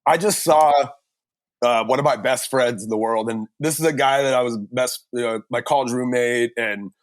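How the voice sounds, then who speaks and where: A man's voice: mid-range voice, moderate pace, no echo. A man co-hosting a podcast, speaking in an emotional, hesitant way. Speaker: podcast co-host. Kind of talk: podcast interview.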